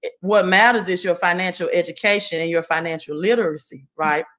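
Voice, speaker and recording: Southern lady sharing her story on a group call, bright clear voice, lots of ums and "right?". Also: fairly low pitch, steady tone, brisk. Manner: earnest, motivational, with many ums and "right?". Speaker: guest speaker.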